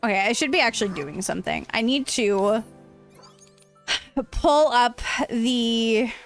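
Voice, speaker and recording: A woman's voice: fairly high pitch, animated, measured pace, soft background music. A woman streamer chatting casually while gaming, bubbly and talkative, answering chat, sounding tired.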